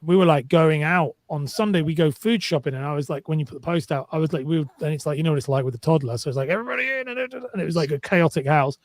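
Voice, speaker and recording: A young man co-hosting a podcast, talking sympathetically in a quick, halting way. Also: a little high. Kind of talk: casual conversation.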